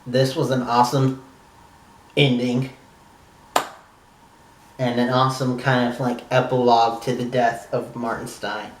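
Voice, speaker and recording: Slow, rambling man in an echoey room. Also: medium pitch, level tone, far from the mic, a little hiss or hum. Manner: rambling, enthusiastic, lots of "like". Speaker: TV review vlogger. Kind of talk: casual recap chat.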